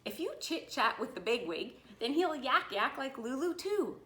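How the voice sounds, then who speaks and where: A woman doing a brisk, no-nonsense school nurse. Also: high-pitched, sing-song, bright, forceful tone, pitched above the performer's own voice, heavily acted. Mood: emphatic. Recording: roomy echo.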